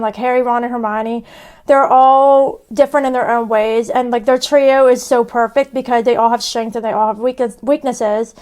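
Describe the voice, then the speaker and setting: Young woman cohost, higher voice, rambly and chatty. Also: darkish tone. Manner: rambling, many "like" fillers. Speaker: podcast co-host. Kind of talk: casual fan discussion.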